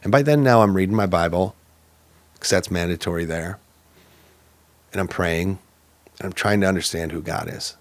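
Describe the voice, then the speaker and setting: Brief: low-voiced man, plainspoken and earnest, dry close recording, personal storytelling. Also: normal speed, long pauses, no room sound. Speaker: podcast guest.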